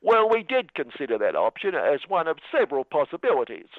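A man's voice: a little high, wildly swooping pitch, a little fast, no echo. A man doing a smug executive. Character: evasive male mining executive, smug. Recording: tinny phone-like radio sound.

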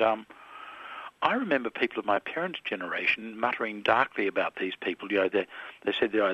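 Older Aussie man, low crisp voice, dry dull radio sound, reflective guest. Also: sharp tone, dry recording. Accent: Australian. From Australia. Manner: thoughtful, with hesitations and restarts. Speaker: interview guest, filmmaker.

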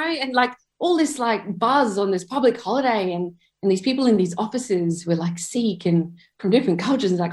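A woman's voice: a little high, expressive, normal speed. A woman in her thirties from Perth with an Australian accent. She tells her own story in a chatty, reflective way and often says "like". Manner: chatty, with many filler "like"s. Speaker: photographer and activist.

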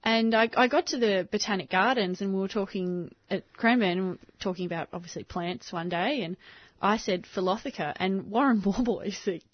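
A woman co-hosting a casual chat, lively and laughing often. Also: medium pitch, a little fast, few pauses, no echo, muffled recording. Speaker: co-host.

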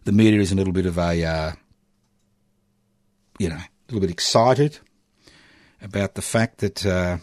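Deep-voiced sardonic Australian male radio host. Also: darkish tone, no room sound, clean studio sound. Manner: sardonic, chuckling, emphatic with long pauses. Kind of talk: political commentary on community radio.

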